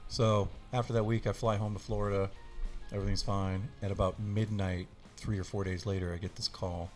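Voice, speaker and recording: A man's voice: fairly low pitch, little pitch movement, brisk, soft background music. A man as a podcast guest, telling a story animatedly with many laughs and acted-out voices. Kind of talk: casual storytelling.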